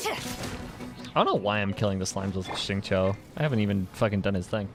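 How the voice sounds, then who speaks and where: A man's voice: fairly low pitch, animated, normal speed, music in the background. A young man streaming a game, chatting casually with his chat in a rambling way, laughing often and full of fillers and restarts. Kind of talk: casual chat while gaming, reading chat.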